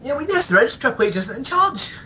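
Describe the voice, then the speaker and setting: High, lively-voiced man chatting. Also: fairly quick, a little hiss or hum. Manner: animated, laughs often, mimics commentators. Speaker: podcast co-host. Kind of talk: casual chat.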